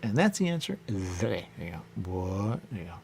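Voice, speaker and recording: Deep gravelly man rambling on radio. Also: big pitch swings, moderate pace, a little mellow, a little hiss or hum. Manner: loose, repetitive, musing, keeps saying "there you go". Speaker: radio show host. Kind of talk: rambling monologue.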